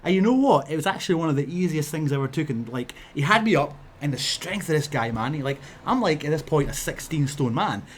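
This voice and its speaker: A Scottish man, a wrestler, telling a story in a casual vlog, animated and laughing, with punchy sound effects. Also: on the high side, fast talker, few pauses, slight background noise.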